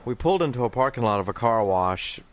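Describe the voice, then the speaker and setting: Lively-voiced man in casual podcast chat. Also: medium pitch, quick pace. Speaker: podcast co-host.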